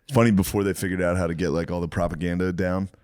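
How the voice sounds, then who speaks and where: A man's voice: deep voice, steady tone, very fast, a little mellow, smooth, dry recording, clean studio sound. A man co-hosting a podcast in casual chat, laid-back and profane, chuckling as he talks. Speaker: podcast co-host.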